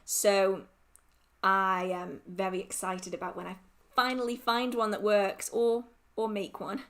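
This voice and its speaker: A woman's voice: mid-range voice, steady tone, unhurried, a bit bright. A woman hosting a casual livestream Q&A, reading out viewer questions and answering them in a giggly, rambling, emotional way.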